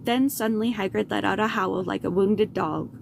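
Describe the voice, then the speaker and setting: A woman reading a children's book chapter aloud, steady and unhurried. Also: mid-range voice, vocal fry, noisy background. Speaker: storyteller.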